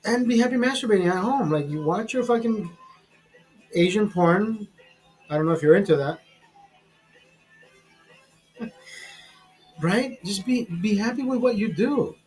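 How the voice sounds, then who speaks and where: High-pitched guy in his 40s, swears a lot, rambles on casually, bit of music in the back. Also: expressive, measured pace, long pauses, darkish tone, rough recording. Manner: profane, rambling, blunt. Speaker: show host. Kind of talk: casual chat over drinks.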